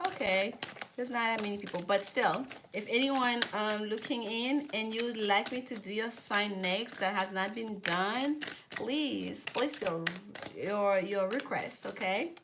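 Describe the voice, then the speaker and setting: A woman's voice: medium pitch, measured pace, background noise. A woman giving a live tarot reading, chatting with viewers and often repeating herself. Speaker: tarot reader.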